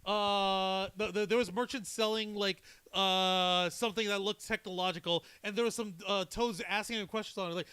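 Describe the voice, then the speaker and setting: A man co-hosting a casual live stream chat, joking in quick banter. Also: sits high, steady tone, pushed and bright, clear, resonant tone, dry recording. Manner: joking, quick banter, puts on little voices. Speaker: co-host.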